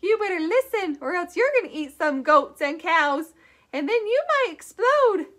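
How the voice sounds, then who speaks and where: A woman voicing a silly old lady puppet who scolds children and greets them in a quavering high voice. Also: very animated, normal speed, fairly bright tone, exaggerated voice. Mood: scolding.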